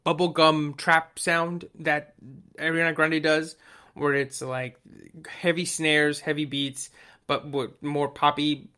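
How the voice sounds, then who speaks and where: A man's voice: a little high, level tone, slow, pushed and bright, smooth. A man co-hosting a casual music chat, rambling with fillers and restarts, swearing and acting out quotes. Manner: rambling, profane, acts out quotes.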